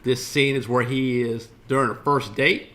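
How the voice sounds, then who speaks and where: A man's voice: medium pitch, fairly even intonation, normal speed, a bit bright. A man streaming a casual reaction commentary, rambling loosely and swearing freely as he retells scenes.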